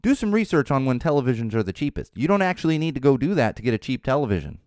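Man, podcast host, casual solo talk, lively swooping pitch, wry, rambling, dry close sound. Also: racing, no echo. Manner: rambling, wry, repeats words while restarting.

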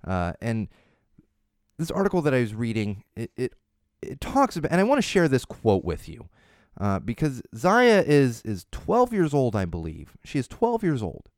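A man's voice: medium pitch, huge pitch swings, moderate pace, no echo, studio quality. A man in his thirties hosting a casual show, chatty and prone to restarts, growing emphatic when he makes a point. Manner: chatty with many restarts and laughs, grows emphatic. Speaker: podcast host. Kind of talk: casual chat.

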